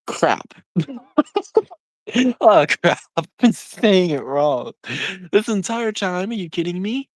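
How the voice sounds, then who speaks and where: Lively rambling young streamer, dry sound. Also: mid-range voice, no room sound. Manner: rambling, full of "like" and quick laughs. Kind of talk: casual live-stream chat, answering viewers.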